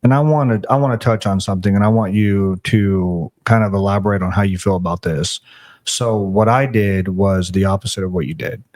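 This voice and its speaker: A man's voice: on the low side, fairly even intonation, brisk, a little mellow. Earnest male podcast co-host. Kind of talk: casual Christian podcast chat.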